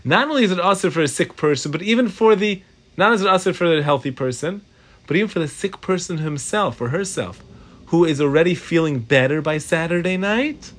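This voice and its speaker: A man teaching a class on Jewish law, lively and informal, mixing English with Hebrew and Aramaic terms and acting out little voices for his examples. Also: a little high, a little fast. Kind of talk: animated Torah class lecture.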